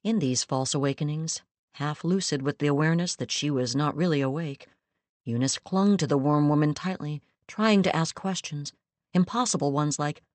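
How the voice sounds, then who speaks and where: A woman reading a story aloud in a measured, steady narrating voice, close to the mic. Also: low-pitched, no echo. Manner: measured, steady storytelling with quoted lines acted. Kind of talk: scripted audiobook narration.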